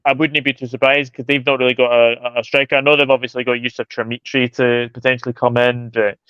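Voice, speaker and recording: A man's voice: medium pitch, level tone, quick pace, fairly bright tone, smooth, no room sound, muffled recording. Chatty man reading viewer comments. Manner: chatty, greets viewers by name, many fillers. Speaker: football channel host reading live chat. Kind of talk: casual livestream chat.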